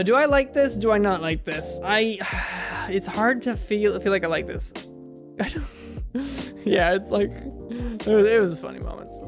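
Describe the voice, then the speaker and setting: A young man streaming while drawing, rambling in casual chat, laughing often and talking to himself. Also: sits high. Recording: music playing under the voice. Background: clear background music.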